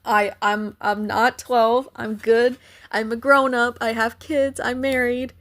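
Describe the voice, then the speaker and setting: Young woman streamer, casual chatty host, a touch high-pitched, voice that cracks. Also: little pitch movement, takes it slowly. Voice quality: voice cracks now and then. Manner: chatty, thanks viewers by name, coos at her cat. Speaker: livestream host. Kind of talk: casual livestream chat.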